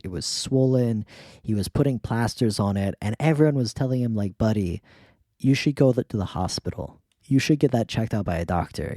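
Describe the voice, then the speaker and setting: A man's voice: mid-range voice, no echo, clean studio sound. A man hosting a podcast, short of breath from illness, telling casual stories and acting out what others said. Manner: relaxed, anecdotal, acts out others' quotes. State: sick with pneumonia, short of breath. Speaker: podcast host. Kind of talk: casual storytelling.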